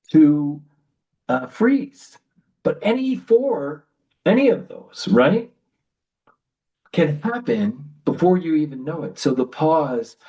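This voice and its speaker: Male relationship coach, webinar talk, slow and emphatic, dull distant audio. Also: a little high, warm tone. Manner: slow, emphatic, with deliberate pauses.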